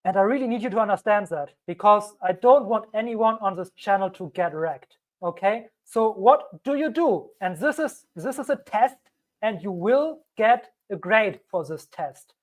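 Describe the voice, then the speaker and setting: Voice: mid-range voice, animated, normal speed. A crypto channel host giving emphatic solo commentary on a cheap microphone, repeating key warnings and acting out panicky investors.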